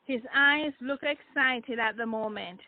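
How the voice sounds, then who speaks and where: A woman author reading her own novel aloud in a measured, deliberate way. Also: on the high side, no room sound. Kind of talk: audiobook narration. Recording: tinny phone-like dry sound.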